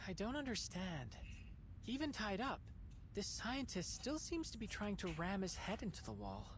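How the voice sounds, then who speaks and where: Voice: medium pitch, very animated, normal speed, noisy background, lightly acted. A voice actor playing an uneasy visitor who keeps asking questions in a video game.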